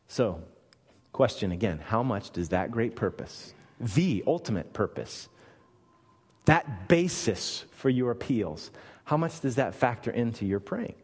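A man's voice: mid-range voice, lively intonation, a little slow, darkish tone, breathy edge, in a large hall. A man preaching a sermon, emphatic and full of rhetorical questions to his listeners.

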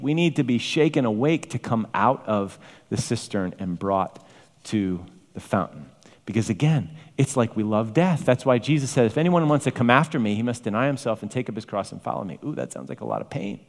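A man's voice: mid-range voice, lively intonation, normal speed. A man preaching a sermon with emphatic, varied delivery, rising to exclamations. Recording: long hall reverb.

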